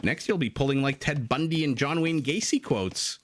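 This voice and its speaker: A man's voice: mid-range voice, normal speed. A man casting a strategy game live, chatting and joking with his viewers between plays. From Canada. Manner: chatty, jokey, breaks off to answer chat. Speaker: game caster. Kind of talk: live esports commentary, reading chat.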